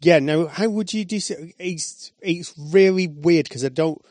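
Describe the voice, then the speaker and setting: A man's voice: a little high, unhurried, darkish tone, no echo. A man hosting a podcast, chatting casually and rambling with restarts. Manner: chatty, rambling, laughs often. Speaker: podcast host. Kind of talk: casual chat.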